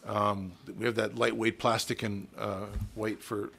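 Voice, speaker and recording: A man's voice: fairly low pitch, little pitch movement, measured pace, vocal fry, a bit bright, husky. A man, a town staff member presenting at a council meeting, hesitant, with many restarts and fillers. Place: council chamber.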